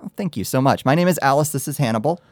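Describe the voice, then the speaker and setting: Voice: mid-range voice, lively intonation, very fast, a little mellow, dry recording. A player in a tabletop game, asking polite, curious questions in character.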